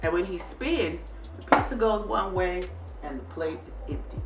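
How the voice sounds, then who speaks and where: Speaking at a moderate pace with a fairly low pitch, a vlogger recounts to her viewers how she told off her son, performing the scolding with animation. Faint music sits under the echoey room sound picked up by a far-off mic.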